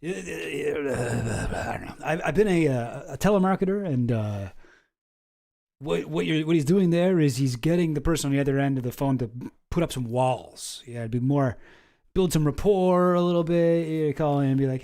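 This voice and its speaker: A man with a mellow, slightly raised voice comments casually on a video. He is laid-back and wisecracking, and he drops the odd swear word as he talks. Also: a little high, normal speed, gravelly. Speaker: reaction video host.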